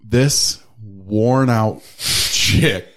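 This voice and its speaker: A man telling a story in casual chat, animated and swearing, acting out other people's voices in quotes. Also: on the low side, drawn-out words.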